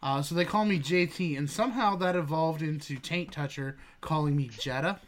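Animated storytelling man, fairly high voice. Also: moderate pace, slight background noise. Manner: animated, swears freely, laughs at his own story. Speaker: podcast co-host. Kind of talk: casual storytelling.

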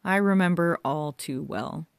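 A man's voice: on the high side, unhurried, gravelly, smooth, no echo. Woman voicing a baffled young male guitarist for an audiobook, dry close sound. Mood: sheepish. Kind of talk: audiobook character voice.

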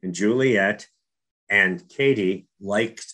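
Speaking slowly in a lowish, slightly bright voice, this middle-aged New Jersey man shares a personal faith story. He's casual and earnest, repeating words and restarting frequently.

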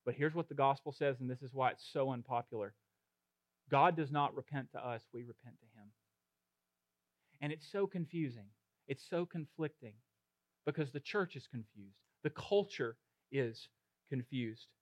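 A man preaching a sermon, building to loud, emphatic passages with rhythmic repetition. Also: mid-range voice, normal speed, pauses often, no room sound. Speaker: pastor.

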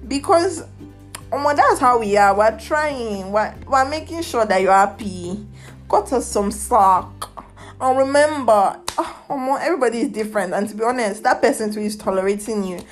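A woman's voice: on the high side, animated, normal speed, faint music behind. A young woman with a Nigerian accent hosting a podcast, ranting candidly and emotionally and dropping in Nigerian slang. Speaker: podcast host. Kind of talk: personal rant podcast.

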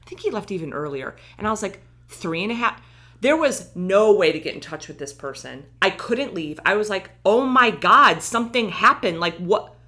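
A woman telling a personal story in casual chat, animated, acting out the lines of the people in it. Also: medium pitch, a little fast.

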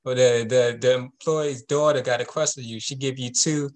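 A man's voice: mid-range voice, steady tone, moderate pace. A man, laid-back and joking in casual chat.

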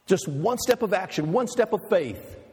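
A man's voice: high-pitched, expressive, normal speed, darkish tone, slightly rough, in a large hall. A male pastor preaching an emphatic, storytelling sermon with rhetorical questions.

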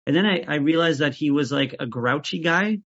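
A man talking as an interview guest about making sketches, even-keeled and often restarting his sentences. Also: on the high side, fairly quick. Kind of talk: casual interview chat. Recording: dull lo-fi audio.

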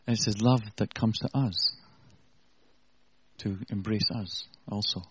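Husky-voiced man preaching a sermon. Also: on the low side, fairly even intonation, unhurried, no echo, muffled recording. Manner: earnest, conversational preaching with self-deprecating asides.

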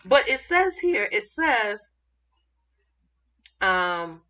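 Woman, informal Bible teaching, slow unhurried delivery, bright voice, excited, stops and restarts while hunting for verses. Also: medium pitch. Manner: excited, halting, searching for verses mid-thought.

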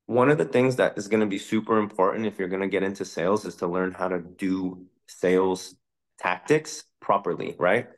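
Low-voiced man, candid realtor chatting. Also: fairly even intonation, moderate pace. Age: 30s. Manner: candid, conversational, occasional profanity. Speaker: realtor and podcast host. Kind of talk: casual interview answers.

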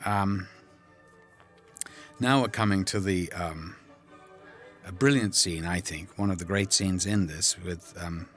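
An older man recalling making a film in a relaxed, rambling commentary, full of ums and drifting into whispers. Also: sits low, takes it slowly, long pauses, soft background music. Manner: rambling, warm anecdotes, frequent ums, drops to whispers.

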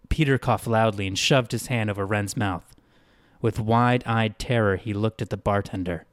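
A man reading a scripted story in an even, measured way. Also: lowish voice, dry recording, studio quality. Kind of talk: scripted narration.

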